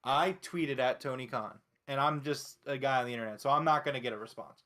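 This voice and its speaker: A man's voice: mid-range voice, fairly quick, bright, forceful tone. A man co-hosting a wrestling podcast, blunt and opinionated, answering the chat. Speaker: podcast co-host.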